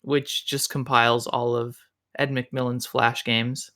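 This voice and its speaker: Relaxed, chatty Minnesotan commentator. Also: medium pitch, slow pace. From Minnesota, United States. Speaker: speedrun marathon commentator. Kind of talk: casual live-stream commentary.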